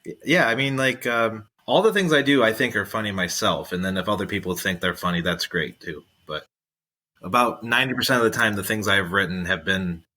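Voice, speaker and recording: A man's voice: fairly low pitch, brisk, bright, forceful tone. A man talking as a comedian guest in casual chat, rambling with many fillers.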